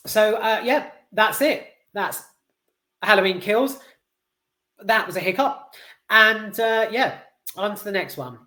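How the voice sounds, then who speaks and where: A man's voice: high voice, slow, pauses often, sharp tone. A British man reviewing a film in a loose, offhand ramble, swearing freely and talking candidly. His voice carries a noticeable room echo, as if recorded in a bare space. He sounds unscripted and chatty rather than polished. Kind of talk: casual spoken film review. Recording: roomy echo.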